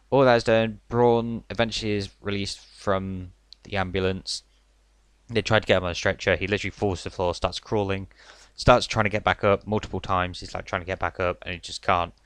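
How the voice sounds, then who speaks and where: A man's voice: low-pitched, steady tone, normal speed, a bit bright, clean tone, dry recording. A young man reviewing a wrestling event in a casual, rambling way, full of "like" and "literally". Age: young adult. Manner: chatty, filler-heavy, says "like" and "literally" a lot.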